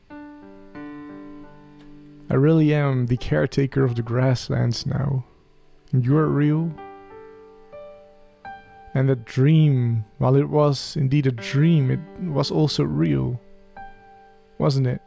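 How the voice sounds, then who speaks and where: A man hosting a role-played Minecraft let's play, talking softly and earnestly to a creature in the game. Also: mid-range voice, steady tone, slow pace, creaky, pauses often, soft background music.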